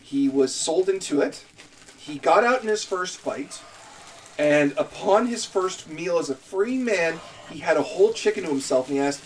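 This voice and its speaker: A man's voice: on the high side, expressive, moderate pace, recorded from a distance, slight background noise. A man from Canada, chatting casually on a live stream in a rambling, self-mocking way while he builds a character.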